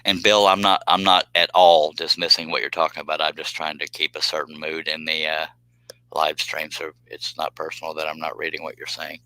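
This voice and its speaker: A low-voiced man with a drawl talks casually through a live stream from his workshop. His tone is bright and forward despite the deep pitch. He rambles, pokes fun at himself and chuckles as he works. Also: flat delivery, normal speed, no echo, poor audio. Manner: rambling, self-deprecating, chuckles often. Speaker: live stream host reading chat. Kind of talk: casual live stream chat while working.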